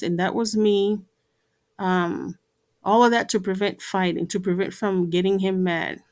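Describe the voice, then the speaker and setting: A woman's voice: mid-range voice, a little mellow. Earnest woman talking to camera. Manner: earnest, repetitive, many fillers. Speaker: vlogger.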